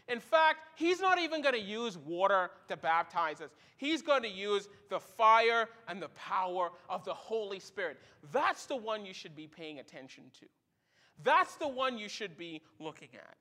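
A man's voice: sits high, moderate pace. A middle-aged man preaching a sermon as a pastor, telling stories and acting out the quoted voices in them. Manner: animated storytelling, acts out quoted voices.

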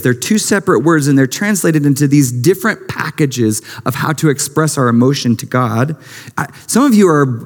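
A middle-aged man preaching a sermon as pastor, impassioned, moving between hushed and lifted delivery. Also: mid-range voice. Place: church sanctuary. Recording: long reverb of a large hall.

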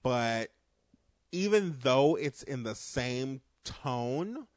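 A man co-hosting a podcast who comments on a friend's story in a teasing, animated way. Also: medium pitch, very slow, no echo, clean studio sound. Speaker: podcast co-host. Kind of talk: casual chat.

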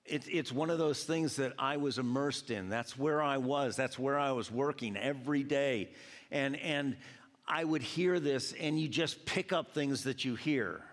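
A man from Georgia preaching a sermon, telling animated stories and acting out quoted voices. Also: mid-range voice, unhurried. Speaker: pastor. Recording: long hall reverb.

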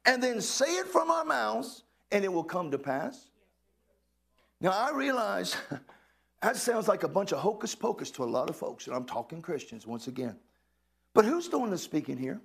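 High, lively gravelly preacher man. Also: normal speed. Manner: preaching with rising exclamations and questions to the congregation. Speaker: pastor. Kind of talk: sermon. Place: church hall with a congregation.

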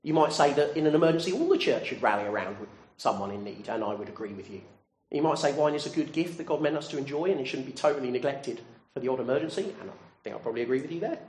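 Male preacher, earnest and questioning; lively delivery, roomy echo on the recording. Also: mid-range voice, very fast. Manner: earnest, direct questions to listeners. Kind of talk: sermon.

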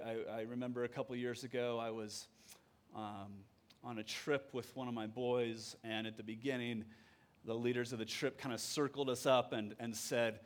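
Earnest man preaching a sermon. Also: mid-range voice. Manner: earnest, measured, conversational with repetitions. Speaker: pastor. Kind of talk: sermon with scripture reading and prayer. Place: church service.

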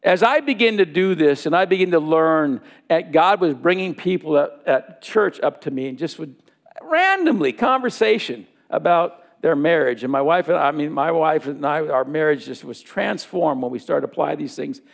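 A man's voice: fairly high pitch, animated, moderate pace, gravelly. A man preaching a sermon, telling a personal story and acting out the dialogue in it.

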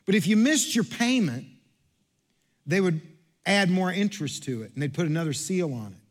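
High-voiced preaching man. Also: expressive, normal speed. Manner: preaching with repetitions and restarts, swinging from hushed to loud. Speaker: pastor. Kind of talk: sermon. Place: church.

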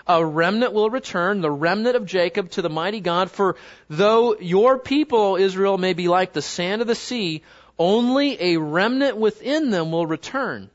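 A man with a fairly high voice leads a Bible study in front of a live group. He talks in a loose, conversational way, keeps asking the class questions, and slows right down when he reads scripture aloud. The recording sounds dull and lo-fi. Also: expressive. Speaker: Bible teacher.

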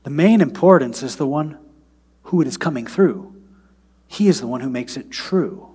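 A man preaching a sermon, moving between loud, emphatic passages and soft, near-whispered prayer. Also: mid-range voice, lively intonation, moderate pace, breathy edge. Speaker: pastor.

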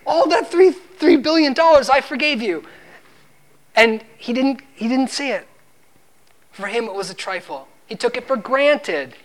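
With lively intonation and a slightly slow delivery, a preacher works through his sermon emphatically. He cites scripture, voices the servant's lines, and grows higher and louder as he presses each point.

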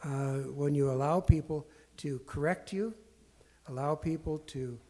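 A man tells personal stories in an earnest, self-deprecating way, pausing and restarting often with fillers. His voice sits a little high for a man, with a mellow, warm tone. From Portland area. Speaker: speaker sharing life lessons. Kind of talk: candid storytelling talk.

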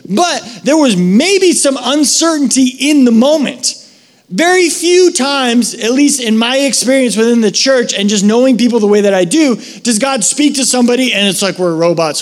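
High-voiced man preaching casually. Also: animated. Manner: casual, storytelling, quick asides. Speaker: pastor. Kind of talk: sermon.

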